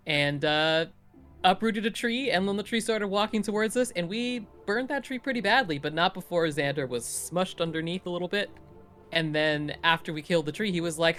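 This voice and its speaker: Animated man recapping a tabletop game. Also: high-pitched, moderate pace, faint music behind. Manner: animated storytelling, playful voices in quotes. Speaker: player giving a recap. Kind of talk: casual session recap.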